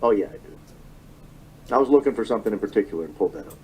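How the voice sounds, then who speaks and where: A man's voice: on the low side, lively intonation, rapid-fire, a little mellow, slight background noise, rough recording. A man in his thirties giving an emotional political monologue, often repeating phrases and correcting himself. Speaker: political commentator. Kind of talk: monologue commentary.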